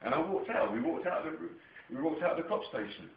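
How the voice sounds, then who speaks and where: An English man telling a rambling personal story to camera, heavily profane and excitable, dropping to a mutter one moment and nearly shouting the next. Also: fairly high pitch, fast, gravelly. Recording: echoey room, dull lo-fi camera sound, faint noise.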